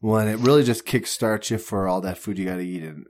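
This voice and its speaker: Laid-back guy with a lowish voice, joking around and agreeing a lot on a chatty podcast. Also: fast talker, darkish tone. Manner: easygoing and joking, short agreeing replies. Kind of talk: casual chat.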